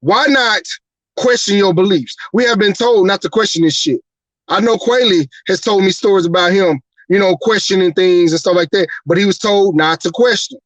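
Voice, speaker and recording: A man's voice: sits high, moderate pace, no echo, rough recording. A man hosting a live talk show, ranting angrily and profanely, firing off one rhetorical question after another. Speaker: host. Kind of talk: heated live-show rant.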